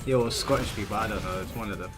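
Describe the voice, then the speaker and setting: A man's voice: fairly low pitch, fast. A man in his thirties casually chatting on a gaming stream, reading chat aloud and often repeating himself as he talks. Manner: laid-back, reads chat aloud, stumbles and repeats words. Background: game music.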